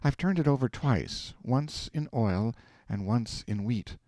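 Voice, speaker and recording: A man reading aloud, voicing a prim, thrifty wife who speaks gently and reprovingly. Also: mid-range voice, lively intonation, measured pace, no echo, pitched above the performer's own voice. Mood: calm.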